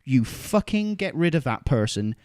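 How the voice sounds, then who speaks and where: A man hosts a casual podcast, slightly high-voiced and full of sweary, animated mock rants. The sound is dry and close with no room echo. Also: moderate pace. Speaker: podcast host.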